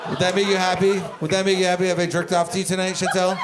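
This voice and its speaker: A man's voice: high voice, flat delivery, very fast, over a noisy crowd, heavy background noise. A man from Canada doing a stand-up comedy set, telling rambling, profane stories on a club stage. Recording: comedy club with audience laughter.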